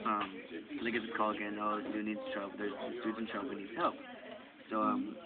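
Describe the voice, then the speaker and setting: A man's voice: fairly low pitch, flat delivery, fast, narrow, tinny audio, a loud crowd. A teenage boy telling rambling stories in a classroom, laughing often. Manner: rambling storyteller, laughs a lot. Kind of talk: casual chat. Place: classroom during a dissection.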